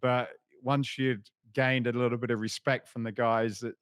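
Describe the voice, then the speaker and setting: A man's voice: medium pitch, flat delivery, moderate pace, clear, resonant tone, dry recording, studio quality. Male podcast host asking questions. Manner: hesitant, stacked restarts before questions. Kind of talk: conversational interview.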